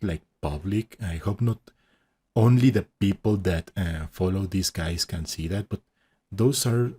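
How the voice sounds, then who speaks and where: A man's voice: low voice, darkish tone, slightly rough. A man hosting a reaction video, commenting casually with hesitant restarts and frequent laughs.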